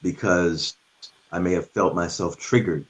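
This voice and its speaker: A man's voice: sits low, steady tone, unhurried. A middle-aged man talking about respect as a guest on a talk show, earnest and thoughtful, with frequent restarts. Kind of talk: reflective conversation.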